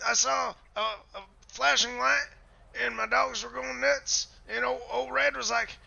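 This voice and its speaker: A paranoid, gun-toting redneck with a shrill, very high voice and a heavy gravelly fry. He stammers and rambles through conspiracy talk with a sharp, piercing edge. The role-play is recorded on a dull, lo-fi mic. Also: fairly even intonation, unhurried, full character voice. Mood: ranting paranoid. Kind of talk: improvised game role-play.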